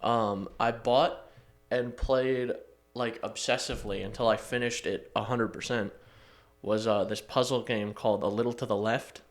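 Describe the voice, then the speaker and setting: A man's voice: medium pitch, fairly even intonation, moderate pace. A man co-hosting a podcast, chatting in an easygoing, self-deprecating way and laughing often. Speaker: podcast co-host. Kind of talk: casual chat.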